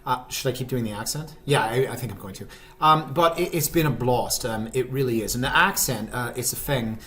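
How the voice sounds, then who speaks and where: A man's voice: medium pitch, fairly quick, bright, forceful tone, natural voice. A man putting on a fake British accent, talking hesitantly with many ums and self-mocking asides. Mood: jokey.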